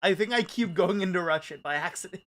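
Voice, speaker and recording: A man on a livestream in casual chat, playful and halting, trailing off into fillers. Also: sits high, bright, forceful tone. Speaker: streamer and voice actor.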